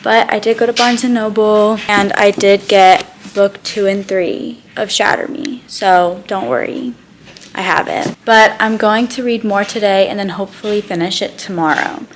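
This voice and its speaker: A young woman talks casually to her camera about the books she is reading. She is chatty and excitable, filling her sentences with "like". Her pitch sits in the middle, and a faint hiss runs under the home recording. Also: moderate pace, poor audio. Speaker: book vlogger. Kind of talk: casual reading vlog chat.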